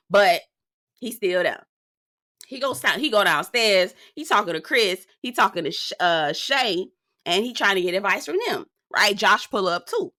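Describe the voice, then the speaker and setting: Sassy lady recapping reality tv, bright voice, dry close mic. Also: mid-range voice, normal speed, no room sound. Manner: sassy, animated, talks straight to viewers. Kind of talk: casual chatty recap.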